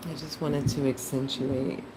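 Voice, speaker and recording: A woman's voice: rumbling low, flat delivery, a little slow, very noisy. A woman chatting casually with her livestream chat while she draws, laughing often. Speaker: art livestreamer.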